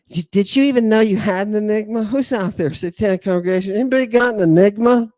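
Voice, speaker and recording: Middle-aged male host, high-pitched, dry close sound, dramatic lecturer with sighs and booming asides. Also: fairly quick, hardly any pauses, mellow, dry recording. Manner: theatrical, sighing, swings from booming to muttered asides. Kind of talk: animated lecture to an online audience.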